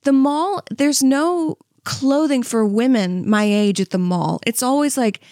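A woman's voice: high voice, unhurried, darkish tone, dry recording, clean studio sound. A woman in her thirties on a comedy podcast, rambling candidly and mocking herself, with lots of "like" and "you know what I mean.". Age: 30s. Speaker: podcast host. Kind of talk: comedic monologue.

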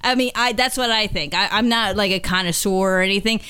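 Chill woman guest, smooth clear voice, matter-of-fact. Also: medium pitch, brisk, sharp tone. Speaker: podcast guest. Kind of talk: casual chat.

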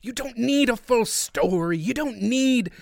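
A wispy, whimsical wizard, as a man puts him on, declaiming with grand, trailer-style weight. His voice sits high for a man and leaps widely, with a gravelly rasp. The recording is close and dry. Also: expressive, a little slow, a little mellow, dry recording, full character voice. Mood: grandiose. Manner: grandiose, like a film-trailer narrator.

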